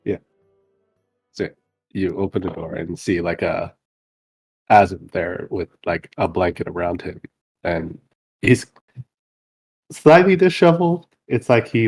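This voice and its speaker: A man playing a tabletop role-playing game, describing his character's actions with many fillers and pauses. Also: low-pitched, a little mellow, breathy edge. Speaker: player. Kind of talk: tabletop role-play narration.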